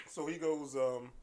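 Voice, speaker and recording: A man, a martial arts coach, telling stories in a casual podcast chat, animated and quick to laugh, often restarting his sentences. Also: mid-range voice. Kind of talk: casual conversational storytelling.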